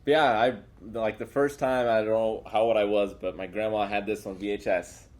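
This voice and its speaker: A man's voice: on the low side, steady tone, normal speed, a little mellow. A young man in a casual movie discussion, easygoing and telling nostalgic stories. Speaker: show co-host, movie reactor.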